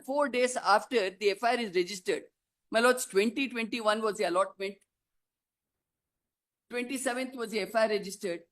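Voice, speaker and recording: An advocate making a formal courtroom argument, pressing rhetorical questions and repeatedly addressing the bench as "my lords". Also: medium pitch.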